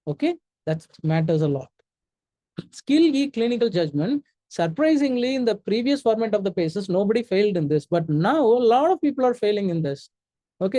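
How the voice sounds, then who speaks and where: An emphatic man lectures with a mellow, soft-edged tone. He talks straight at his listeners, repeats his warnings and keeps checking they follow. The sound is dry and close, with no room around it. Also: high-pitched, no echo. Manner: emphatic, direct, checks in with "okay?" and "all right?"; repeats key warnings for stress. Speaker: medical exam tutor. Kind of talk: spoken lecture.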